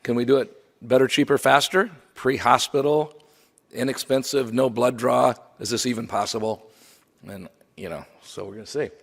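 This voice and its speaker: A man's voice: medium pitch, steady tone, normal speed, vocal fry. A man giving a memorial lecture from slides, conversational with wry asides. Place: lecture hall. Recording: long hall reverb.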